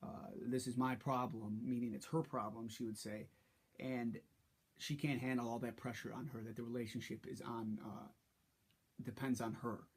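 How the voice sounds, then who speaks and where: Man, vlog confessional, husky tone, halting and frustrated delivery. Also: medium pitch, steady tone. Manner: halting and frustrated, many restarts. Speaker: vlogger. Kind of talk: personal story.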